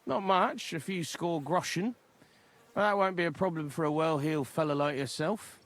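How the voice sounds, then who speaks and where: A man's voice: a little high, moderate pace, lightly acted. An actor voicing a nervous, stammering male informant with a cockney-like English accent in a video game. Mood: wheedling. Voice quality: stammering, jittery. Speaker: game character.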